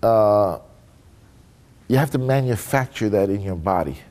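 A man's voice: fairly low pitch, expressive, a little slow, dark tone. A man speaking as a guest trumpet player in a casual panel discussion, talking in a loose, candid way. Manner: loose and candid, peppered with "you know" and "man". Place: conference room before an audience.

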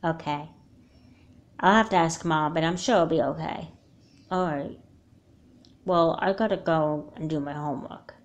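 A woman's voice: deep voice, unhurried, pauses often, muffled recording. A woman voicing an earnest, chatty young girl in a homemade doll movie, talking in long explanations. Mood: sincere.

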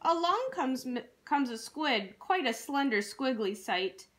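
Woman story reader for kids, high lively voice, slow rhyming rhythm. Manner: expressive, rhythmic rhyming read. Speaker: children's storyteller. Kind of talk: reading a picture book aloud.

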